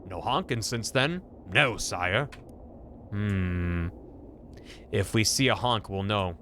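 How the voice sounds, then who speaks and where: A grim male woodcutter hunting a killer, his speech slow, solemn and archaic, the voice dropped low and gruff, as a man puts him on. The tone stays bright and forceful underneath. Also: expressive, a little hiss or hum, exaggerated voice. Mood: grave.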